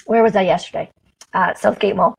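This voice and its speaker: A woman's voice: mid-range voice, steady tone, a little fast, creaky, slightly rough, rough recording. A woman talking straight to her camera in a casual live morning chat, upbeat and chatty, greeting viewers by name. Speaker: motivational vlogger. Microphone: camera mic, talking straight to camera.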